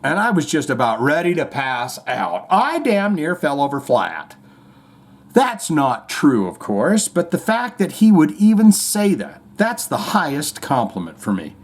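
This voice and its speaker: A man's voice: a little high, sing-song, measured pace. A man hosting a podcast, giving comedic commentary with sarcastic, mocking asides. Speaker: podcast host. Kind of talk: comedic commentary on played clips.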